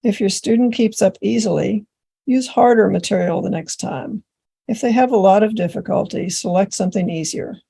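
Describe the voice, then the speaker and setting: Husky, gravelly woman explaining tutoring steps. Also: mid-range voice, moderate pace. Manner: steady step-by-step explaining. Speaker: tutor trainer. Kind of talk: instructional presentation.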